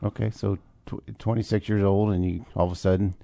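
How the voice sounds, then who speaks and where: A man's voice: fairly low pitch, little pitch movement, fairly quick, vocal fry, mellow, no room sound. A man interviewing a guest, asking short follow-up questions.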